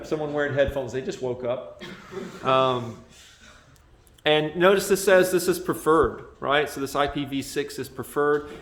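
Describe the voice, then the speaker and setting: A man's voice: on the high side, recorded from a distance. Male teacher lecturing in echoey classroom. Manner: casual and conversational, with many fillers. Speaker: computer science teacher.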